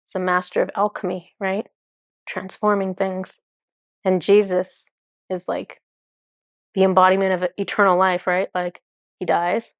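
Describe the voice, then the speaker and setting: Chatty woman with a gravelly voice. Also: mid-range voice, no echo, clean studio sound. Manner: chatty, filler-heavy, enthusiastic. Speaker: spiritual channeler. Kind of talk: casual monologue.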